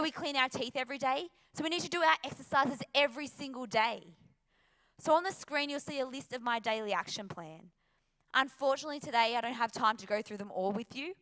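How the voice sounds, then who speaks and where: A woman's voice: fairly high pitch, fairly bright tone. An Australian woman giving an earnest, emphatic motivational talk with rhetorical questions. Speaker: motivational speaker.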